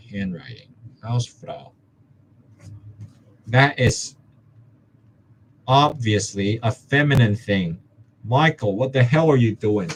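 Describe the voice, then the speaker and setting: Young man from Hong Kong, muttering self-talk, slow unhurried pace, faint background noise. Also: on the low side. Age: young adult. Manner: muttering, joking to himself. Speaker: student vlogger.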